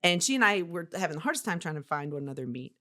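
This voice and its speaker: A woman co-hosting a podcast, telling a story in an animated way, laughing often and acting out what people said. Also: fairly low pitch, rapid-fire. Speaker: podcast co-host and business owner.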